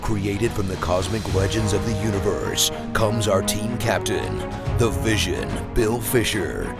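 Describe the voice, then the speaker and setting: A man's voice: on the low side, expressive, unhurried, creaky. Man doing a grand trailer-style intro. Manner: grand superhero-trailer delivery. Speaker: show intro announcer. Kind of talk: dramatic scripted intro over music. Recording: music bed behind voice.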